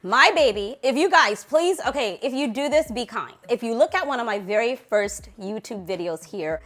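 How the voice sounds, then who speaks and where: A woman's voice: fairly high pitch, expressive, normal speed, fairly bright tone. A young woman reviewing perfumes in a casual vlog, gushing and playful, lingering over sensual words. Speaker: fragrance reviewer.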